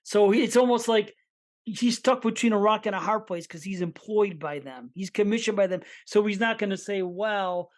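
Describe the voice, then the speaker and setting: A man co-hosting a horror movie podcast in casual chat, relaxed and reasoning things through aloud. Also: sits high, a little fast. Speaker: podcast co-host.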